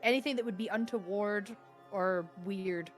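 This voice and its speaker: A woman's voice: mid-range voice, moderate pace, faint music behind. A woman playing a tabletop game who talks in a casual, colloquial way. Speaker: player.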